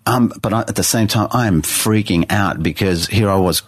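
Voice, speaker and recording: A man with a fairly low voice tells a personal story in a podcast interview. He speaks earnestly, often restarting his phrases. The sound is close and dry. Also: normal speed, slightly rough, no room sound. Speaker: guest artist.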